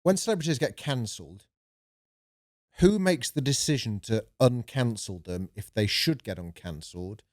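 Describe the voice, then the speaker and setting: A man co-hosting a chatty podcast, trading dry, sardonic jabs and swearing freely. His voice sits at a middling pitch, and the sound is close and dry with no room around it. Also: lively intonation, normal speed, no room sound. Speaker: podcast co-host. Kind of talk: casual comedic chat.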